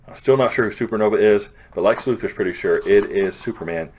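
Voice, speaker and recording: Low-voiced man rambling through a comic recap. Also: quick pace, a little mellow, slight background noise. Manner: loose, rambling plot recap with frequent restarts; paraphrases characters in a plain offhand voice. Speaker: comic book reviewer. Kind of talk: casual chat.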